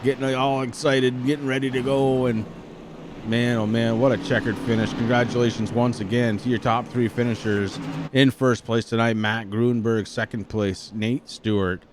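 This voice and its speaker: Male race caller, breathless, hyped, stumbles and restarts, mid-pitch voice. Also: background noise. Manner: excitable, fast-shifting, stammering restarts. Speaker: race commentator. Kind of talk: sim racing broadcast commentary.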